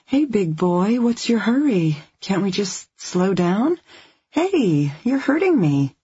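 A narrator playing a frightened young woman in an audiobook thriller, pleading in a high, breathless voice. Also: fairly quick, darkish tone, husky, close to an everyday voice. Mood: coaxing, uneasy. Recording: dull lo-fi recording.

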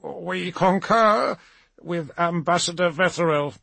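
A man playing a frightened, ashen male high lord who concedes in a slow, faltering mumble. The voice sits higher than the narration, husky, and is recorded dry and close. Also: pushed and bright, no echo, exaggerated voice. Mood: cowed.

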